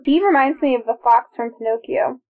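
Chatty woman with a gravelly, high voice. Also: a little fast. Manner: chatty, enthusiastic about trivia. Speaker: podcast co-host. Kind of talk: casual movie-watch commentary. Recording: phone-like narrow sound.

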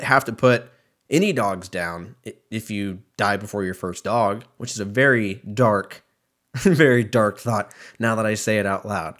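A man's voice: lowish voice, a bit bright. A young man hosting a solo podcast, rambling in a profane, self-mocking way as he talks. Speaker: podcast host. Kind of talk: casual solo podcast rant.

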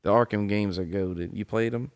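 Brief: lower-voiced man, podcast co-host, animated casual talker. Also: creaky. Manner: animated, jumps between topics, does quick impressions. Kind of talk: casual chat.

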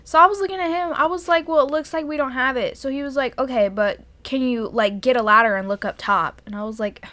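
A woman's voice: high-pitched, quick pace, few pauses, pushed and bright, dry recording. A young woman co-hosting a podcast, telling a work story in a profane, exasperated way. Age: young adult. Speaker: podcast co-host. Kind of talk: casual storytelling chat.

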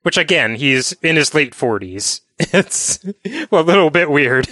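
A man's voice: on the high side, big pitch swings, measured pace, bright, forceful tone, no room sound, studio quality. A man co-hosting a podcast, talking casually and leaning heavily on "like" as a filler. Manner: chatty, leans heavily on "like" fillers. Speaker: podcast co-host. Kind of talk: casual chat.

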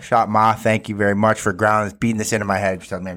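A man's voice: lowish voice, level tone, fast, few pauses, fairly bright tone. A man hosting a casual interview chat, blunt and swearing freely, repeating his phrases for emphasis. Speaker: host.

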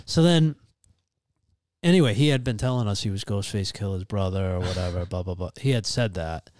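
Guy, kinda low voice, dry close mic, animated swearing storyteller. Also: fairly quick, dry recording. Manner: animated, profane, acts out voices in anecdotes. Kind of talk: casual storytelling chat.

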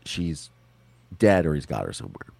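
Deep-voiced man telling his story. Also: normal speed, gravelly, husky, no room sound. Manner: animated, quotes people in put-on voices, swears. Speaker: interview guest. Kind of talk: casual storytelling.

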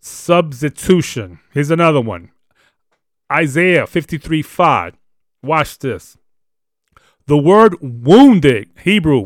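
A man's voice: on the high side, no echo, clean studio sound. A man hosting a live show and teaching on scripture, emphatic and plain-spoken, pressing his points with blunt rhetorical questions. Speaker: host and Bible teacher.

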